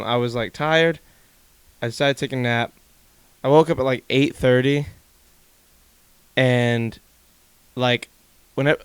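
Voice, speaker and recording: A young man hosting a casual podcast from his home room, telling stories in an animated way and swearing freely. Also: medium pitch, clear, resonant tone, no echo. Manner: animated storytelling, swearing, laughing. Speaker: podcast host. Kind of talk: casual chat.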